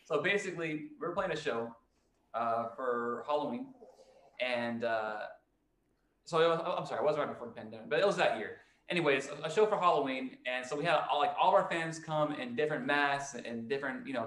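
A man's voice: mid-range voice, fairly bright tone, echoey room. A man casually telling a long, rambling band story, often acting out what people said. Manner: rambling storyteller, lots of restarts, acts out quotes. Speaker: band frontman and podcast host. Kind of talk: casual chat.

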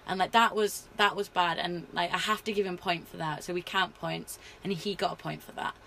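A woman wrestler telling stories in a casual interview, animated and full of fillers. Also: fairly low pitch, fairly quick, vocal fry, slight background noise. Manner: animated storyteller, many fillers.

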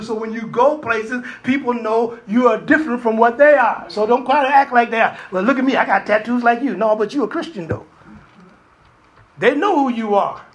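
A male preacher delivering a sermon, telling stories animatedly and acting out voices. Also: high-pitched. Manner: animated storytelling, acts out voices, laughs often.

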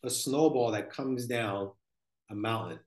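Reflective man speaking in a roomy space. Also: medium pitch. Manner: slow, thoughtful, spiritual tone with frequent "like" and "right?". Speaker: podcast guest. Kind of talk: reflective conversational storytelling.

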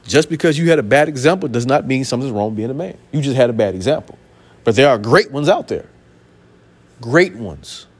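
A man's voice: mid-range voice, lively intonation, brisk, breathy edge. A man preaching a sermon from the pulpit, emphatic and colloquial, repeating his points and firing off rhetorical questions. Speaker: pastor.

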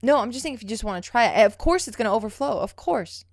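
A woman's voice: a little high, animated, fast talker, creaky, no room sound, clean studio sound. A young woman co-hosting a casual podcast chat, telling stories loosely with lots of swearing and "um" and "like". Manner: loose, profane storytelling with many fillers. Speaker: podcast co-host.

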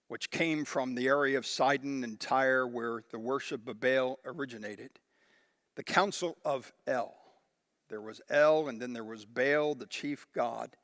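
A male pastor preaching a sermon, emphatic and animated as he reads scripture aloud with dramatic emphasis. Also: on the high side, no room sound, clean studio sound.

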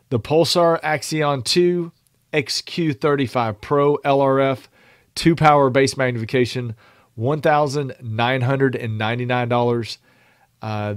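A man's voice: mid-range voice, no echo, studio quality. A man co-hosting a podcast, reading a product list methodically in a casual chat. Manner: reads product lists at a steady, methodical pace. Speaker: podcast co-host.

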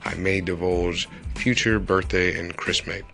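A man's voice: low-pitched, unhurried, creaky, faint music behind. A young man, rambling and joking through a casual solo podcast. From Texas. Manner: rambling, joking, animated asides. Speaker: podcast host.

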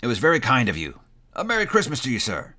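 A man's voice: mid-range voice, huge pitch swings, fast talker, pushed and bright, heavily acted. A man reading aloud and voicing an elderly reformed miser who is now jolly and effusive. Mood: warm. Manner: jolly, effusive, growls in mock sternness. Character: old male miser, newly joyful and generous.

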